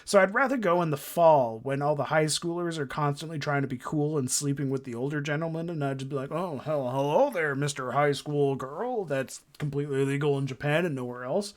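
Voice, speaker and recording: A man's voice: on the high side, fast talker, few pauses. A man streaming a video game, rambling casually and making crude, swearing jokes between lines. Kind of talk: casual gameplay commentary.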